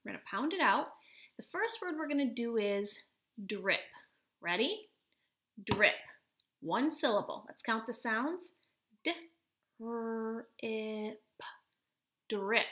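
A woman teaching first graders in a recorded video lesson, speaking gently and slowly and sounding out words for the children. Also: on the high side, expressive.

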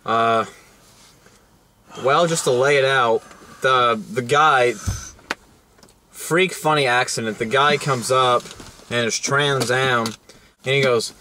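A man hosts a loose, jokey vlog in a bright, clear voice. He rambles, restarts his sentences and piles on crude jokes. His pitch sits at an ordinary middle level. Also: slow pace, pauses often, a little hiss or hum. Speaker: vlog host. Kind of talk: casual crude joking chat.

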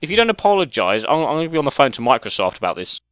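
A man's voice: mid-range voice, very animated, racing, fairly bright tone, clean tone, no echo. A man putting on a posh British voice as a fussy, indignant older brother over voice chat. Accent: put-on posh British. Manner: fussy, indignant, overly polite.

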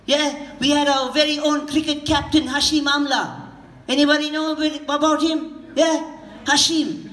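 A man's voice: very high voice, steady tone, moderate pace. A man with a Durban South African Indian accent doing stand-up at a party, teasing the crowd and laughing between jokes. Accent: South African Indian English, Durban. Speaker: stand-up comedian. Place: party hall. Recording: echoey hall with loud noise.

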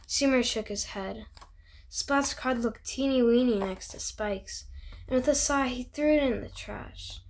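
Woman host, kids' book read-aloud, bubbly and chatty, slightly higher voice. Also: slow pace, vocal fry. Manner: bubbly, chatty, reacts to the pictures. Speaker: host reading picture books aloud.

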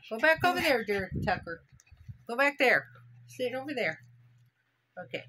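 A woman who owns dogs, talking to them in teasing, sing-song baby talk at home, with loud barking behind. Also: a little high, sing-song, moderate pace, pauses often, noisy background. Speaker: dog owner.

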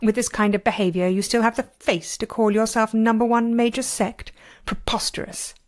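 A woman's voice: on the high side, level tone, moderate pace, lightly acted. A woman voicing a haughty, furious young palace mistress who snaps scornful words, read in an amateur audiobook. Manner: scornful, snapping.

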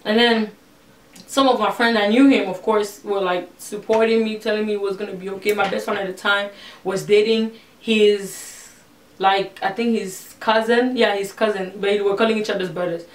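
A woman's voice: medium pitch, fairly even intonation, normal speed. Chatty young woman in a roomy space. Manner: chatty, retells conversations with quoted voices. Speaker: vlogger. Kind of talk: casual storytime monologue. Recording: roomy, a little distant from the mic.

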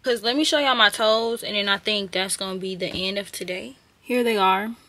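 A woman's voice: mid-range voice, moderate pace, bright, forceful tone. A young woman, chatting informally and directly to her viewers on a vlog, recorded on a camera mic. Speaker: vlogger. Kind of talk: casual vlog chat to camera.

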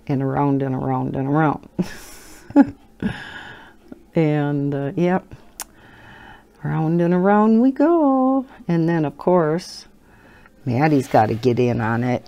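A low, mellow older woman chats at an unhurried pace as she colors. She rambles through everyday stories and laughs often, with a baby in her arms. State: holding a baby while talking. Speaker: coloring channel host. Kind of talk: casual chat while coloring.

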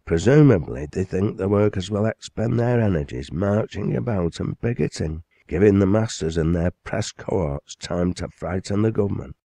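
A man voicing a composed, concerned young woman in an audiobook, in a gentle, low, only lightly changed voice. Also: vocal fry, no room sound. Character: calm concerned young woman, his daughter.

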